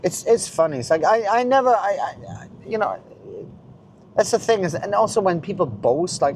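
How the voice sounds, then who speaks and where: A middle-aged man ranting in a blunt, profane monologue, swinging between loud outbursts and muttering. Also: on the high side, lively intonation, normal speed, pauses often, a little hiss or hum. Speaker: vlogger.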